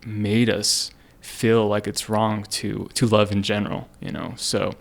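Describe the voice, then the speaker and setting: A man's voice: on the low side, little pitch movement, unhurried, vocal fry. A young man sharing a personal story on a casual podcast, earnest and rambling with many fillers and restarts. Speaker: podcast co-host.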